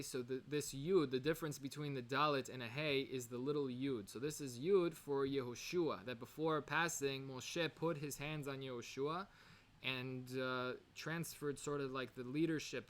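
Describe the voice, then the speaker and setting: A man's voice: mid-range voice, fairly even intonation, normal speed, a bit bright. A man giving an informal recorded lesson, explaining Hebrew words in English, digressing often and correcting himself. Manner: digressive, with many fillers and self-corrections. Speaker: Torah teacher.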